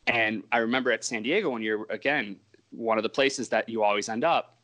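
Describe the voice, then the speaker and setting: A man's voice: lowish voice, fairly quick, bright, forceful tone. A comic book writer, a man, telling stories in a casual interview and rambling and interrupting himself as he talks.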